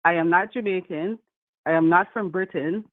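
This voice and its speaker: A woman's voice: on the low side, moderate pace, no room sound. Indignant Caribbean woman caller on a phone line. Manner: indignant, emphatic, repeats herself. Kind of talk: call-in radio chat.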